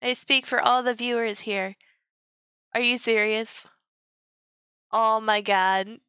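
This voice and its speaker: A young woman on a live stream with a high, bright voice, talking slowly and playfully to her chat. She giggles a lot and teases in a sing-song tone. The sound is close and dry. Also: steady tone, clear, resonant tone, dry recording. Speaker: VTuber streamer.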